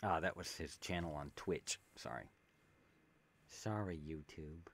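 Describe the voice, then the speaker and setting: A man's voice: low-pitched, unhurried. A man streaming a video game, chatting casually and reading game text aloud with jokey asides, on a desk microphone. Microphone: desk USB microphone with pop filter.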